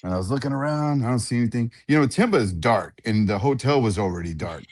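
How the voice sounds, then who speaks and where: A man, a ring announcer, telling animated stories in a casual interview and acting out other people's lines. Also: medium pitch, fast, no echo, studio quality. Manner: animated storyteller who acts out others' voices.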